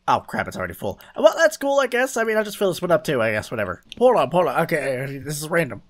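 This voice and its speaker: A man giving excitable let's play commentary, swearing and talking to himself as he plays. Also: a little high, quick pace. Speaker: gaming YouTuber.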